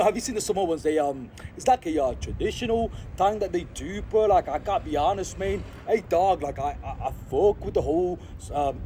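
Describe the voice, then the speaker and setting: A man from Sri Lanka rambles through a casual outdoor vlog, loose and slang-heavy, with plenty of fillers. His voice sits somewhat high but sounds mellow and soft-edged. Faint street traffic hums behind him. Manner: slangy, rambling, repeats "hey, dog" and "I gotta be honest". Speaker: vlogger. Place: outdoors in an urban spot.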